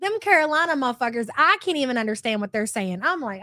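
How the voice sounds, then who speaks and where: Brash high-voiced woman with light country twang. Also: very animated, fast talker, sharp tone, no echo. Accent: light American country twang. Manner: brash and profane, sarcastic. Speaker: livestream host. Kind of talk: livestream commentary reading viewer chats.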